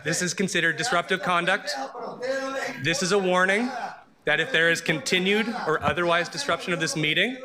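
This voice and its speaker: A man's voice: sits high, a little fast, a crowd in the background. A man chairing a city council meeting in a firm, procedural way, warning the audience about the rules.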